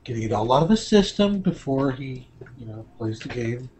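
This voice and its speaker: A man's voice: medium pitch, expressive, moderate pace, mellow, a little hiss or hum, low-quality recording. A man joining a game stream call, bantering and teasing in a wry way. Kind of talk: casual banter.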